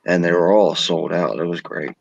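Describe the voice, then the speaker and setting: A man co-hosting a casual wrestling talk show in a laid-back, drawn-out way. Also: sits low, steady tone, gravelly, breathy edge, no echo, highs cut off. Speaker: podcast co-host.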